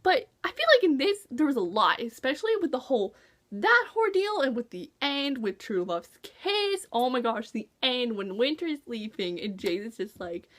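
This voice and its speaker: High, bouncy gushing woman reviewer. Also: moderate pace. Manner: gushing, excitable, acts out her own reactions. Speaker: book reviewer. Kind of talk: casual chat.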